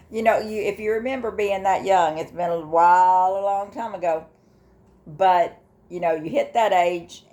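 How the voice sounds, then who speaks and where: An older woman, talking casually in a personal vlog, halting with fillers and restarts, emotional and close to tears at times. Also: on the low side, warm tone. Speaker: vlogger sharing her grief journey.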